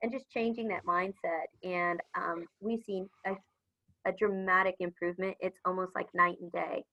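A woman's voice: fairly low pitch, little pitch movement, normal speed, highs cut off. A woman, upbeat and chatty, talking about customer service in a business interview. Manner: upbeat, chatty, acts out phone greetings. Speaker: supplier customer service leader.

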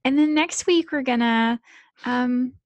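A woman co-hosting a casual podcast chat, encouraging her partner and speaking in halting starts. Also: high voice, dry recording, dull audio. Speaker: podcast co-host.

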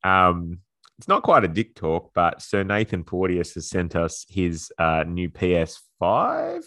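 A man's voice: deep voice, very animated, measured pace, a bit bright, dry recording. A man co-hosting a podcast, talking footy bluntly with casual swearing. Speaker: podcast co-host. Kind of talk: casual sports chat.

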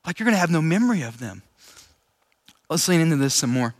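A man preaching a relaxed, chatty sermon to a room of listeners, laughing easily as he talks. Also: a little high, quick pace. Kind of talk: casual conversational sermon. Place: large room with an audience. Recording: echoey hall with long reverb.

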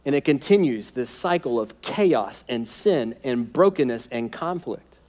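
A man's voice: medium pitch, lively intonation, measured pace, darkish tone. A man preaching a sermon as pastor, conversational and humorous, often checking in with "right?".

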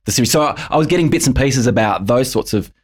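A man's voice: medium pitch, expressive, fast talker, slightly rough. A man interviewing a guest in a casual chat, rambling and hesitant with many ums and restarts.

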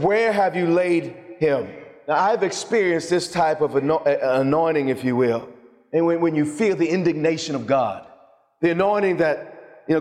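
Male preacher, higher-pitched, fervent and emphatic with stumbling repeats, long hall echo. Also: a little mellow. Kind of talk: sermon.

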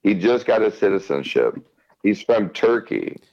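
A man's voice: on the low side, sing-song, unhurried, a little mellow, lo-fi sound. A man in casual podcast chat, rambling and swearing, often repeating himself. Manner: rambling, profane, repeats words.

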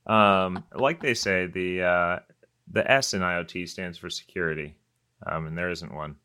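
A man's voice: sits low, normal speed, pushed and bright, clear, resonant tone. A man co-hosting a tech podcast, giving blunt, offhand opinions. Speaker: podcast co-host. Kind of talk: casual tech podcast chat.

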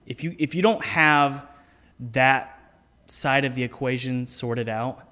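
A man hosting a casual interview podcast, giving earnest advice and slowing down to stress his points. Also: mid-range voice, pushed and bright, big-room sound. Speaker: podcast host and indie game developer.

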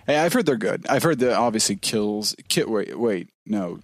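A man's voice: fairly low pitch, lively intonation, moderate pace, no room sound, studio quality. A man who is a guest on a podcast, chatting casually in a joking, laid-back way.

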